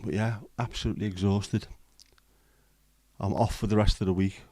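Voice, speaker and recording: This livestream host has a fairly low, dark voice and speaks at a normal speed in a steady tone. He rambles and jokes with his viewers in casual chat. There's no echo on the recording.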